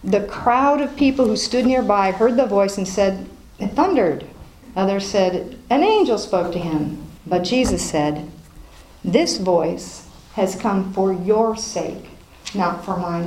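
A woman's voice: medium pitch, lively intonation, takes it slowly, darkish tone. A woman leading a Bible study, reading scripture aloud, then explaining it and asking the group questions. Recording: roomy echo with faint noise.

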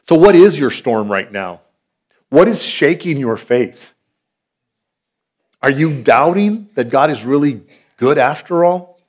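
A fairly high-voiced man in his forties with a drawl preaches a sermon. He talks earnestly and conversationally, easing into stories and asides. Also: expressive, takes it slowly, pauses often, a little mellow, slightly rough. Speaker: pastor.

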